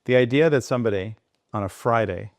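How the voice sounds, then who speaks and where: A man speaking as a podcast guest, animated and digressive, talking in quick bursts. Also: mid-range voice, no room sound, clean studio sound. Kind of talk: conversational interview.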